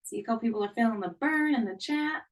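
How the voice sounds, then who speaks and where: A woman's voice: on the high side, quick pace, distant mic, rough recording. A young woman leading a live online workout class, cheering people on and counting down each interval. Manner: upbeat, encouraging, counts down intervals. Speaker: fitness instructor.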